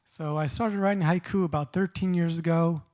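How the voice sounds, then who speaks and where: A middle-aged man giving a poetry reading at a live event, reading short poems and explaining them in a casual, halting way. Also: on the high side, steady tone, a little mellow. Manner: halting, many restarts and fillers when explaining.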